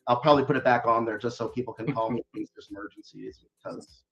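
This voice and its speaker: A man's voice: mid-range voice, quick pace, creaky, lo-fi sound, crowd noise. A man, a guest author, chatting casually in an interview, rambling with lots of fillers and restarts.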